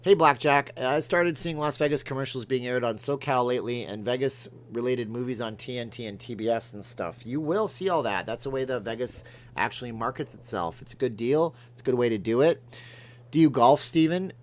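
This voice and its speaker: A middle-aged livestream host from Alberta, Canada, speaks at medium pitch and a slightly fast clip, with a bit of background noise. He reads viewer comments and rambles casually, joking and talking to his cat.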